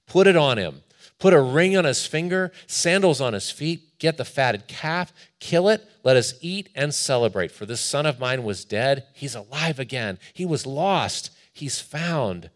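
A man voicing a forgiving father, urgent, overjoyed, animated pitch. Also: unhurried, hardly any pauses, lightly acted. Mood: jubilant. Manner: urgent commands, rising excitement.

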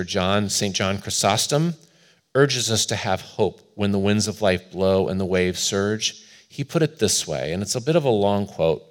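A male pastor delivering a sermon in a lowish voice. He speaks earnestly, weaving personal story into preaching. His delivery swells and then drops to quiet, hushed stretches.

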